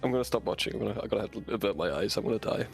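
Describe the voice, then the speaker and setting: Low-voiced joking man. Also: animated, very fast, creaky, soft background music. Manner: joking, teasing, calls people dude. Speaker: stream co-host. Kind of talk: casual chat.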